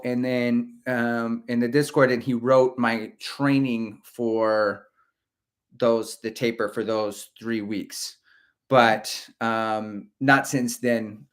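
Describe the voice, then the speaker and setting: A man's voice: mid-range voice, a bit bright. Chatty middle-aged man rambling on stream. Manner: rambling, chatty, reads out chat comments. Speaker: host of a running livestream. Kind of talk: casual livestream chat.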